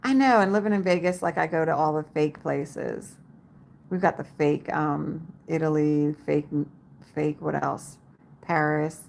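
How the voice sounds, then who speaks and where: A woman's voice: sits low, vocal fry, slight background noise. A woman hosting a casual livestream from her home, chatting and laughing with viewers and reading their comments aloud by name. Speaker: livestream host. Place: home in Las Vegas.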